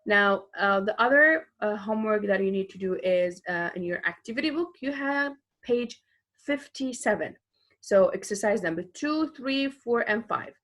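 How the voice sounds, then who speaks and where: A woman teacher giving a recorded online English lesson, explaining patiently and slowly, repeating each example with frequent fillers. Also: mid-range voice, expressive, fairly bright tone.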